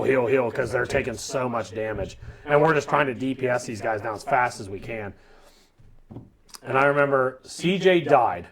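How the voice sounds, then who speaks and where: A man co-hosting a live podcast, telling a gaming story with swearing and acted-out shouts from his friends. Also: medium pitch. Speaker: podcast co-host. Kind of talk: casual storytelling chat.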